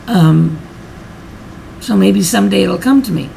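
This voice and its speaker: A woman's voice: medium pitch, unhurried, gravelly, pauses often, warm tone, slight background noise, rough recording. A middle-aged woman vlogger telling a personal story in a heartfelt, rambling way, repeating her words and getting emotional.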